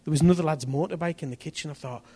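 A man preaching a testimony sermon, telling his story in an animated way that rises to near-shouts at the tense moments. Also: a little high, rapid-fire, slightly rough.

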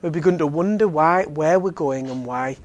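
A man's voice: fairly high pitch, moderate pace. A man giving an evangelistic talk in a chatty style, full of fillers and joking asides. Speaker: Alpha course speaker.

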